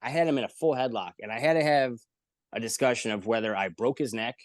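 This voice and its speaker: A man's voice: mid-range voice, fast talker, no room sound, studio quality. A man, a comedian guest on a podcast, telling a long story in casual chat, rambling and profane with lots of filler words.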